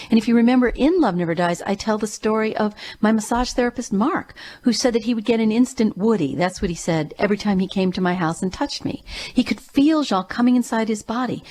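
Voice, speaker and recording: On her own show, a grief coach with a slightly high, warm voice recounts something personal, telling it with earnest emphasis.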